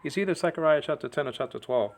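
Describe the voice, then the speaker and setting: A male teacher runs an informal language lesson, repeating words to fix pronunciation and frequently checking understanding with "okay." His voice is a little high, expressive, and fast.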